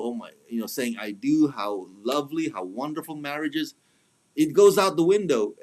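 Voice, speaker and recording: A man with a voice on the high side gives a casual film review. He chats along with many fillers and restarts, slipping into mocking voices whenever he quotes someone.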